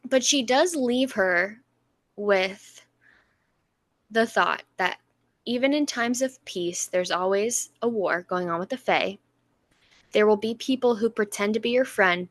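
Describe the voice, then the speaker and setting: Woman podcast co-host, casual book recap, lively retelling, dry close sound. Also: medium pitch, no room sound. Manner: animated retelling with quick voiced asides. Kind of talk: casual book-review chat.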